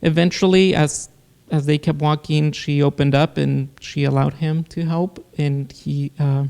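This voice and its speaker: A man, a podcast guest, earnestly telling a personal story in casual talk, with halting restarts. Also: a little high, fairly even intonation, vocal fry, darkish tone, smooth. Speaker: guest, producer.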